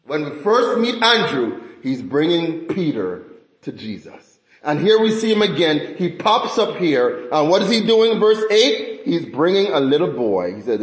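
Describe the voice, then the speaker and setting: A man with a fairly high voice teaches scripture in a relaxed sermon style. He talks conversationally and often puts questions to his listeners. His voice carries a noticeable room echo. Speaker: Bible teacher. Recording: roomy echo.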